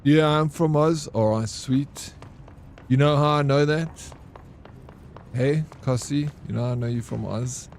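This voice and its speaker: A man's voice: medium pitch, a little slow, darkish tone, a little hiss or hum. Chatty man streaming games. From South Africa. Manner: chatty, greets viewers by name. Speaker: game streamer. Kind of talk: casual live-stream chat.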